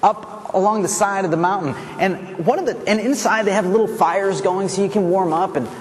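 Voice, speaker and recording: This man's voice sits high and moves a little fast as he gives a motivational talk in a big hall. Telling a story, he plays each character's voice with lively energy, eventually rising to a shout.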